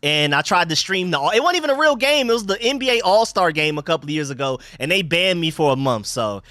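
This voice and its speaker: A young man from Atlanta hosting a casual sports live stream, reading out chat shout-outs in loose slang. He repeats phrases and swings between hyped calls and low mumbles. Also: lively intonation, fast, dry recording, clean studio sound. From Atlanta, Georgia. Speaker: livestream host.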